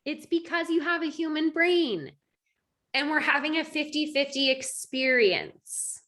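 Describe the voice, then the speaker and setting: A woman in her thirties leading a coaching call, animated and acting out her own thoughts as she talks. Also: high voice, measured pace. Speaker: life coach. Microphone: video call.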